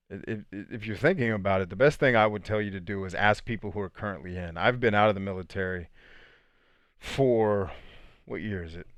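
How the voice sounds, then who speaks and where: A man in his thirties hosting a casual live podcast, answering viewer questions with animated storytelling, frequent laughs and quiet asides. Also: lowish voice, clean tone, no room sound, studio quality.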